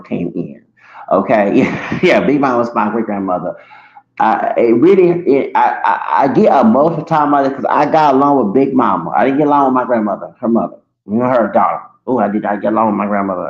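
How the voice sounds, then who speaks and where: Gravelly guy in his 40s rambling on a stream, echoey room, kinda muffled lo-fi sound. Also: fairly low pitch. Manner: rambling, restarts and corrects himself often. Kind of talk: rambling livestream monologue.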